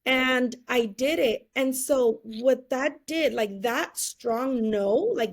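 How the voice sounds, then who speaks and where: High-pitched lady with a bit of fry, telling her story on an interview, doing all the voices, laughs a lot. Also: slow pace, few pauses. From California, USA. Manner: animated storyteller who acts out quotes and laughs often. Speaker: interview guest.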